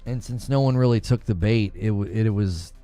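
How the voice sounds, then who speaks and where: A man's voice: fairly low pitch, a little fast, warm tone, faint music behind. A man hosting a gaming live stream, chatting casually, reading viewer comments and laughing often as he riffs on jokes.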